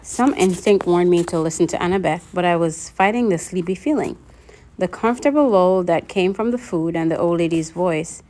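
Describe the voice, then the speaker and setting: A woman's voice: on the low side, moderate pace. Woman reading a novel aloud. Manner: steady first-person narration. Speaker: reader.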